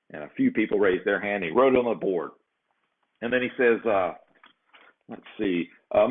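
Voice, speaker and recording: Speaking at an ordinary speed in a voice on the low side, a show host rambles through a lengthy casual tale, tossing "right?" onto line after line. The recording sounds phone-like and thin, and he stops to check his own sound setup.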